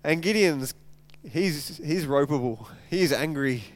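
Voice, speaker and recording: A pastor with a rather high, smooth voice preaches a sermon, retelling the story in a chatty, animated way. He often stumbles and repeats words as he goes. The sound is close and dry. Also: takes it slowly, dry recording. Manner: animated storytelling, retelling scripture in casual speech.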